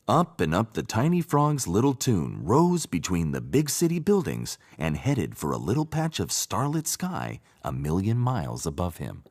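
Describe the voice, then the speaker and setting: A man narrating a children's storybook in an expressive, sing-song reading voice. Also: deep voice, moderate pace, hardly any pauses. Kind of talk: storybook read-aloud narration.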